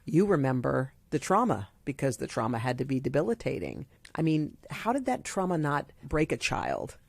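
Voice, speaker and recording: Husky, gravelly female interviewer. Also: very deep voice, huge pitch swings, moderate pace, no echo. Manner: attentive, short affirming responses. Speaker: interview host. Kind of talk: empathetic interview conversation.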